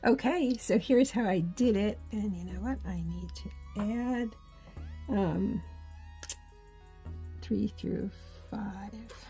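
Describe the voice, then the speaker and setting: Writing in her journal as she talks, a woman who hosts a faith journaling channel speaks earnestly and casually to her viewers, with soft laughs and fillers. Her mid-range voice moves slowly over soft background music.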